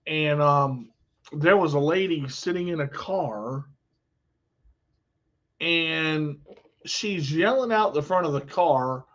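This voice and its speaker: A man's voice: fairly high pitch, expressive, slow pace, long pauses, fairly bright tone, muffled recording. A man vlogging in a candid, blunt monologue, telling personal stories with emphasis.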